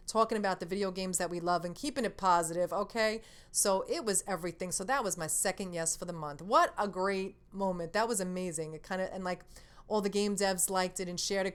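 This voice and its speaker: A woman's voice: medium pitch, clear, resonant tone. A woman hosting a casual gaming news vlog, blunt and outspoken with lots of swearing. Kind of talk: casual monthly news rant.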